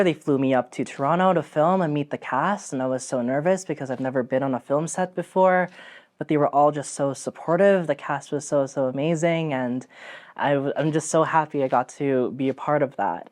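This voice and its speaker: A young man, an actor, telling his own story in a casual, animated way, acting out what people said, with many fillers. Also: mid-range voice. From Philippines. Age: young adult.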